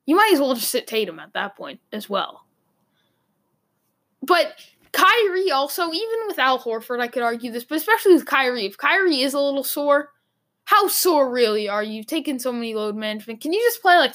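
A woman's voice: high voice, sing-song, brisk, fairly bright tone. A young woman from Boston with a Boston accent, hosting a rambling, opinionated sports talk monologue full of "like" fillers. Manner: rambling, emphatic, lots of "like" fillers.

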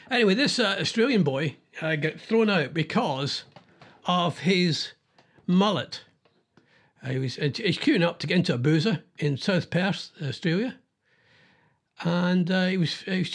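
A man's voice: a little high, breathy edge. A man hosting a casual chat about news stories, rambling and thinking aloud as he goes.

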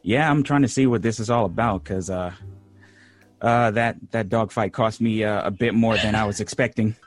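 A man playing a tabletop game, speaking in character in a casual, halting way. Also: lowish voice, no room sound, faint music behind. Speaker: player. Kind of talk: in-character tabletop role-play.

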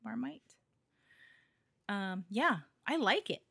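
A woman's voice: medium pitch, a little slow, no room sound, clean studio sound. Giggly chatty woman co-host. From Hawaii. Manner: chatty, giggly, with many fillers. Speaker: podcast co-host. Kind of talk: casual chat.

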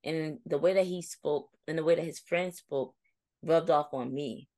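A young woman with a low voice co-hosts a casual chat, telling stories in a reflective way. She livens up when she quotes her friends. The recording is dry and close. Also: moderate pace, no echo. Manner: reflective, storytelling, animated when quoting friends. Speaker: co-host.

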